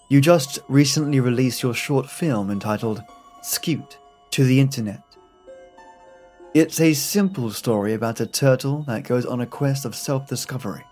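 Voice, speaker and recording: A man narrating a scripted horror story in the second person, in a measured storytelling manner. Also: mid-range voice, a little mellow.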